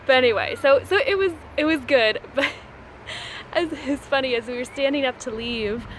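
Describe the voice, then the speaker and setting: A woman with a high voice tells a story at normal speed in a casual vlog, with background noise present. She is a short story writer who is chatty, laughs often, and acts out what other people said.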